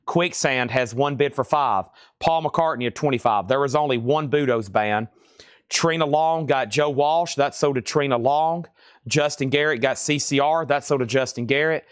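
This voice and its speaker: A man hosting a live online vinyl record sale, calling out titles, prices and bids in quick patter. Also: mid-range voice, clear, resonant tone, dry recording, clean studio sound. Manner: rapid-fire auctioneer patter, hums tunes. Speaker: host. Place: record shop.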